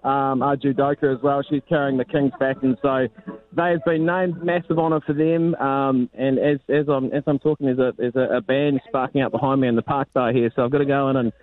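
A man calling in from abroad as a sports reporter, chatting casually and rambling a bit, with a deadpan touch. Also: mid-range voice, a little fast. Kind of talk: casual phone-in chat. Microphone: phone. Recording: lo-fi phone line.

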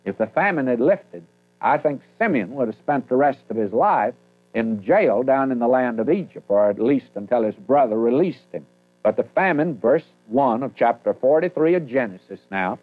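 A man gives a folksy verse-by-verse sermon. He reads old scripture slowly and then retells it in plain everyday talk. The sound is narrow and phone-like, as on an old radio broadcast. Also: mid-range voice, lively intonation. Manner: folksy, reads King James verses aloud then paraphrases. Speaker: radio Bible teacher.

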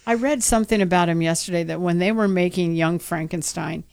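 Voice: mid-range voice, a little fast, gravelly, a little mellow, clear, resonant tone, no echo. A co-host in casual chat, chatty and asking lots of questions.

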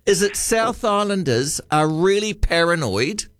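A middle-aged New Zealand man hosts talkback radio, teasing and cutting in over his caller. His voice sits high for a man. The studio sound is dry and close. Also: expressive, measured pace, fairly bright tone, dry recording. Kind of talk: casual talkback chat.

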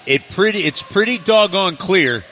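Bright-toned male hockey broadcaster. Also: sits high, moderate pace, slight background noise. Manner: animated, emphatic, laughs easily. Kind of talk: casual sports talk. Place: arena at a draft event.

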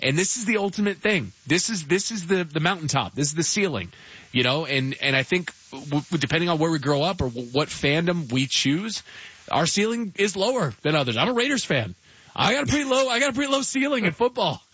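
A man's voice: fairly high pitch, lively intonation, brisk, a bit bright, slightly rough, dry recording. A man in his early forties co-hosting a sports radio show, talking in a chatty way and laughing easily. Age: early 40s. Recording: slightly muffled radio broadcast.

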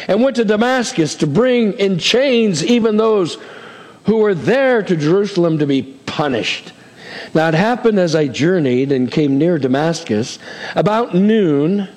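Male pastor, a bit high voice, dramatic sermon delivery, long church reverb. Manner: animated preaching, voices Bible figures with big pitch swings.

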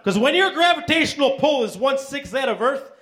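A man doing a stand-up set with dry, deadpan one-liners. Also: very high-pitched, brisk. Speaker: stand-up comedian.

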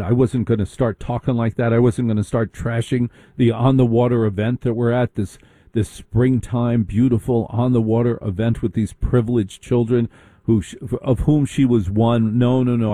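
A man's voice: lowish voice, mellow, dry recording, clean studio sound. A man telling a long comic story with a mocking tone, slipping into put-on voices of the people he mocks.

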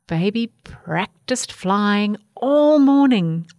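A woman reading a children's picture book aloud in an expressive, animated way. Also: fairly low pitch, takes it slowly, no room sound, studio quality. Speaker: storyteller.

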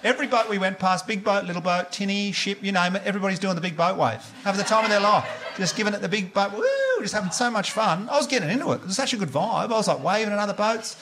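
A man's voice: sits high, quick pace, hardly any pauses, background noise. An Australian man doing a live stand-up set, chatty and laughing as he teases the crowd. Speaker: stand-up comedian.

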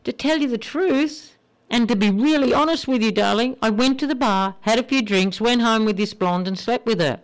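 Brief: woman playing a sheepish cheating husband in a joke, flustered, hurried. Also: a little high, clear, resonant tone, close to an everyday voice, low-quality recording. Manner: flustered, rushed. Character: panicked adult man caught cheating, sheepish.

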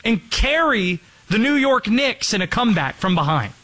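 A man's voice: high-pitched, very animated, moderate pace, sharp tone. A man hosting a sports talk show, teasing his co-host in a mock-serious way.

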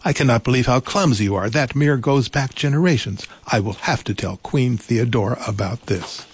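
A man's voice: a little fast, breathy edge. A man voicing a spoiled, bossy young princess who sneers at a servant girl. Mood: sneering. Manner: sneering, shrill when screaming.

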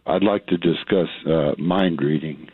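A retired older man calls a radio show in a tired, plain-spoken way. His voice is very deep. It comes over a dry, phone-like line. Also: measured pace, slightly rough, no room sound. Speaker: caller.

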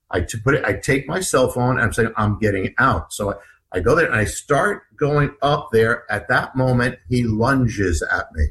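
An interviewed male author recalls an ordeal in animated, vivid storytelling, acting out what others said and regularly restarting and repeating words. His voice is mid-range with a fairly bright tone, and the audio is poor.

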